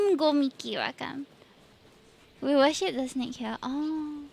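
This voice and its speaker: A woman's voice: high-pitched, a little slow, gravelly, long pauses, darkish tone, no room sound. A woman from Singapore with a Singaporean English accent, chatting playfully on a live stream, dropping Singlish particles and laughing often. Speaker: VTuber streamer. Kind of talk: casual live-stream chat.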